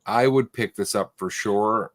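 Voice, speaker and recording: A man with a lowish voice chats casually about comic book prices, relaxed and hesitant, with plenty of "um"s. The sound is dry and close, with no room echo. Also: measured pace. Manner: relaxed, hesitant, many fillers. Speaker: co-host.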